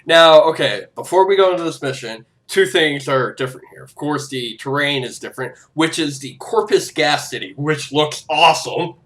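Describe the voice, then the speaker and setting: A man giving casual, excitable commentary over a game, swearing freely and breaking into laughs and shouts. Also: normal speed, hardly any pauses. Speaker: gameplay commentator. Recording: noisy low-quality game capture audio.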